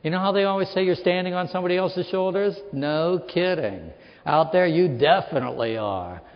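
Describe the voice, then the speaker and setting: A man's voice: high voice, lively intonation, brisk. Guy from western pennsylvania doing a funny storytelling lecture, muffled lo-fi sound, big reverb. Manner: anecdotal, acts out quoted people in his stories. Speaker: author giving a lecture. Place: lecture hall. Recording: reverberant hall, dull lo-fi sound.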